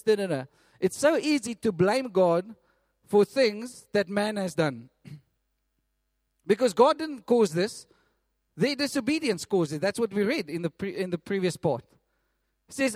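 A man preaching a sermon, animated and storytelling, often repeating himself as he goes. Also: high-pitched, normal speed, no echo, clean studio sound.

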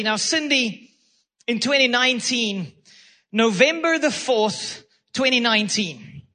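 A man's voice: very high-pitched, bright, forceful tone. A man preaching a sermon as pastor, fervent and repetitive, calling out praise between points. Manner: fervent preaching with repeated phrases and exclamations.

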